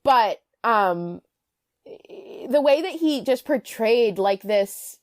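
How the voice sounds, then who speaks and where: A young woman co-hosting a podcast in casual chat, animated, with quick asides and self-corrections. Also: on the high side, no room sound, clean studio sound. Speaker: podcast co-host.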